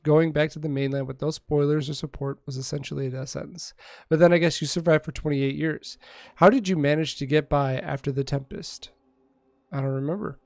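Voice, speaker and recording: Streaming a game from home, a man reads its dialogue aloud casually and throws jokes and asides to his viewers. His slightly high voice is gravelly and a little mellow, recorded dry on a close mic with no room sound.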